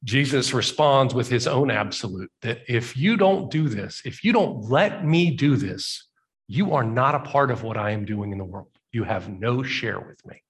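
Male pastor giving a sermon, chatty storytelling, slows down to make a point. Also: mid-range voice, animated. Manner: conversational storytelling, slowing down for emphasis.

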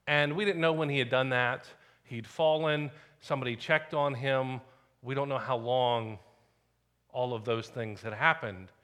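A man preaching a sermon as the pastor, telling a personal story in a conversational way and dropping to quiet asides. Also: medium pitch.

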